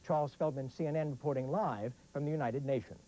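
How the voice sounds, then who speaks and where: Careful male news correspondent, mellow tone. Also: medium pitch, fast talker, low-quality recording. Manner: careful, repeating and stressing points. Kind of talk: live news report.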